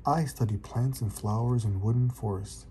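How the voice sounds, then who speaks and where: A man's voice: medium pitch, moderate pace, dark tone, a little hiss or hum, lightly acted. A man reading as a polite explorer cat. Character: curious plant-studying cat who camps.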